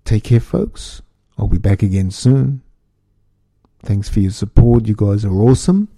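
A man's voice: on the low side, very animated, a little slow, warm tone, no echo, studio quality. A man hosting a solo podcast, ranting angrily with repeated restarts and swearing. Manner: angry, repetitive, swearing, stumbling restarts. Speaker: podcast host.

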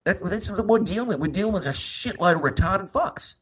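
A man's voice: sits high, expressive, brisk, fairly bright tone, breathy edge, low-quality recording. A man co-hosting a talk show, speaking bluntly and crudely. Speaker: podcast co-host. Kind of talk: casual talk.

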